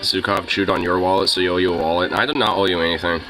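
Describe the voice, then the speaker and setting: A man's voice: low-pitched, steady tone, very fast, music in the background, low-quality recording. A young man chatting casually with his viewers, rambling with lots of fillers and swearing. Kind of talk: casual chat.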